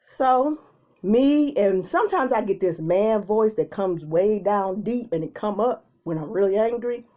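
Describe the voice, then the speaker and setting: Animated woman telling a story time. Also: mid-range voice, unhurried. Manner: animated storytelling, acts out quotes in changing voices. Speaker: mukbang vlogger.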